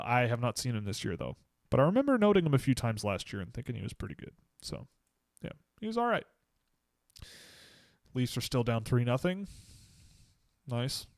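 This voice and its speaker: A man with a Canadian accent hosting a casual livestream, answering chat questions in a relaxed way and thinking aloud as he goes. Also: mid-range voice, no echo, studio quality.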